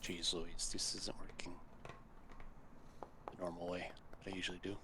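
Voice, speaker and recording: A man's voice: sits low, level tone, moderate pace, bright, forceful tone. A man playing a tabletop game, flustered and muttering as he works through his turn. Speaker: player. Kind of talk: casual game chat. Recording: noisy background hiss.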